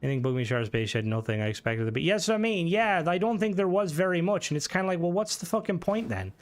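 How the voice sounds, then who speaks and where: A man's voice: high voice, animated, fast. A man talks casually while streaming a game, rambling, swearing and restarting his sentences often. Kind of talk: casual gaming stream commentary.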